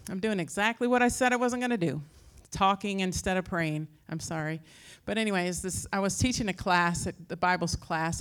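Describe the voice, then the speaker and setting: A woman who teaches Christian faith, giving an informal talk and telling rambling, animated stories that act out other people's voices. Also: fairly low pitch. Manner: acts out quoted voices.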